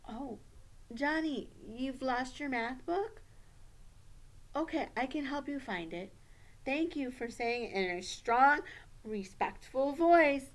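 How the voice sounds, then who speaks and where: A woman teacher giving a puppet lesson for children, gentle and encouraging. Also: sits high, lively intonation. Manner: gentle, encouraging, slow and clear.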